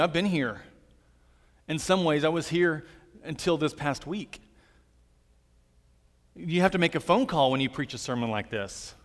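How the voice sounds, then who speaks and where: Earnest man preaching in a reverberant hall. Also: on the high side. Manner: earnest, gentle storytelling preacher. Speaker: pastor. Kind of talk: sermon.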